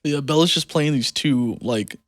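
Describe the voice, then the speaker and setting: Giggly podcast guy, higher voice. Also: moderate pace, dry recording, clean studio sound. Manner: giggly, teasing, laughs often. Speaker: podcast co-host. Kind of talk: casual podcast chat.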